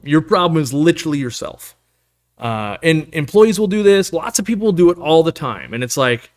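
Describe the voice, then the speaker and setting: A man hosting a casual aquarium live stream, rambling and joking as he reads chat messages aloud. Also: a little high.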